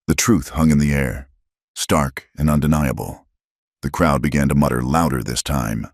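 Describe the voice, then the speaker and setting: A man's voice: rumbling low, fairly even intonation, normal speed, gravelly, no echo, studio quality. A man giving dramatic scripted narration of a story.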